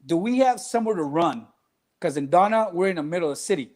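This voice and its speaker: A man tells coaching stories in a casual interview, slightly high in pitch for a man. He acts out each person he quotes and slips in Spanish phrases. He sounds middle-aged. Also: animated, quick pace, a little mellow. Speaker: track and cross country coach.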